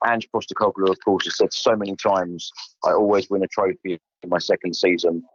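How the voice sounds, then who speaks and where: A sleepless male football fan with a croaky voice, talking enthusiastically and emphatically as a guest from an airport. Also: low-pitched, fairly even intonation, fairly quick, no room sound, dull audio.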